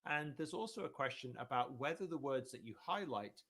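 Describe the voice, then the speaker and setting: A male professor giving an academic lecture in a relaxed, conversational way, with frequent ums and restarts. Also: medium pitch, fairly quick. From United Kingdom.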